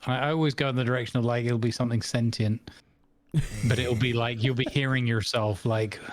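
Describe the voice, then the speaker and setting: A man's voice: medium pitch, fairly even intonation, a little fast. A man chatting as a podcast co-host, mostly short agreeing replies and musing aloud with fillers. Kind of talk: casual chat.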